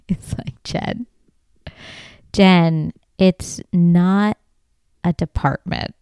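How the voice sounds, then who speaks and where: A woman's voice: on the low side, drawn-out words, long pauses, warm tone, smooth, dry recording, studio quality. Laughing woman telling a funny story. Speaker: podcast host. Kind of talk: casual comedic storytelling.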